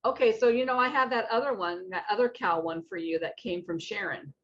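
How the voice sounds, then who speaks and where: A woman's voice: mid-range voice, fairly quick, lo-fi sound. A woman co-hosting a casual stitching chat, easy-going and reacting to patterns and viewer comments. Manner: warm reactions, easy-going, hesitant at times. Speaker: co-host.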